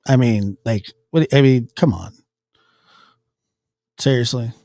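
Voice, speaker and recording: A man's voice: medium pitch, slow pace, dark tone, no echo, studio quality. A man giving casual commentary as he reacts to news clips, rambling with restarts and chuckles.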